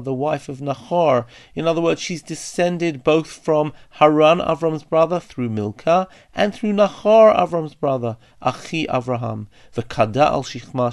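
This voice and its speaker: A man's voice: mid-range voice, darkish tone. Man teaching a Bible text. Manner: reads Hebrew verses aloud, then translates and explains; thoughtful, with pauses and small restarts. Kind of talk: text study lesson.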